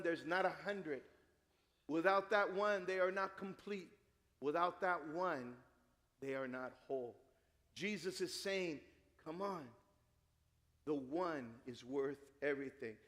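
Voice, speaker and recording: A middle-aged man preaching a sermon, telling a family story with lively acted-out dialogue. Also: fairly high pitch. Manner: animated storytelling, acts out dialogue. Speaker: pastor. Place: church sanctuary. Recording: long hall reverb.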